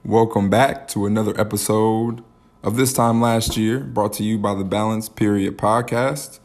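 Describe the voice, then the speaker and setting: A man hosting a solo podcast, reflecting aloud in a halting way, with many fillers and restarts. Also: on the low side, fairly even intonation, soft background music. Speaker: podcast host.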